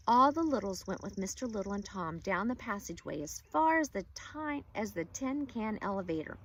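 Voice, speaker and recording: A woman teacher reading a children's chapter book aloud, expressive and engaging. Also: mid-range voice, normal speed, few pauses. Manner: expressive storyteller.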